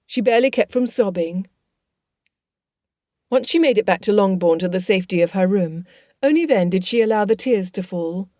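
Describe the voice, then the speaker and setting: A woman narrating a novel as an audiobook, reading in a measured, expressive way. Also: medium pitch, no room sound, studio quality. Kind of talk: scripted narration.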